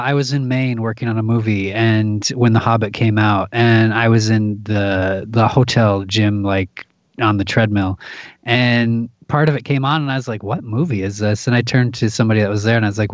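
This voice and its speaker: A man's voice: on the low side, moderate pace, no echo, highs cut off. A man who works as an actor and audiobook narrator, chatting animatedly as a podcast guest and laughing often. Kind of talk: casual conversation.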